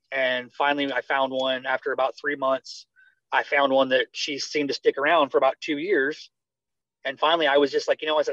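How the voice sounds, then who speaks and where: A man's voice: mid-range voice, dry recording. An American man, a retired army medic, telling his story in a conversational interview and acting out the dialogue he recalls. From United States. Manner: animated, acts out quoted dialogue. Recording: slightly dull dry sound.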